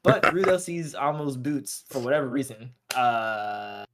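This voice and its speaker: A man's voice: medium pitch, expressive, unhurried. A man co-hosting a podcast, casually recapping an anime episode in loose, slangy storytelling and briefly acting out the characters' lines. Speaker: podcast co-host.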